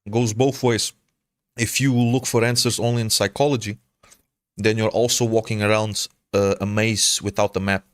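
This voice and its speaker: A man's voice: fairly low pitch, little pitch movement, moderate pace, no echo. A man from Portugal with a mixed Portuguese accent, a game streamer chatting casually with viewers, hesitant, stammering and restarting, calling people brother. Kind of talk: casual chat answering viewers.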